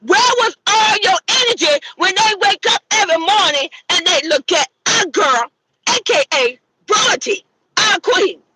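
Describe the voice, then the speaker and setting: A middle-aged woman hosting her own channel, delivering a furious, profane gossip rant full of shouted rhetorical questions. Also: very high-pitched, animated, unhurried, very noisy. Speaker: channel host. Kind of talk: angry gossip commentary rant.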